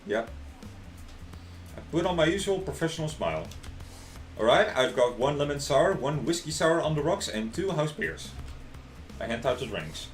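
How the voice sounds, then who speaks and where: A man's voice: fairly high pitch, very animated, normal speed, pauses often, echoey room, faint music behind. A man streaming live, reading a visual novel aloud in a dry, wry first-person voice.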